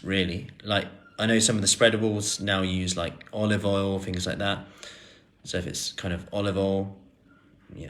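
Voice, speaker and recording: Answering viewer questions during a live stream, this man in his thirties, a personal trainer, keeps things relaxed, often using fillers and starting sentences over. His voice is low-pitched.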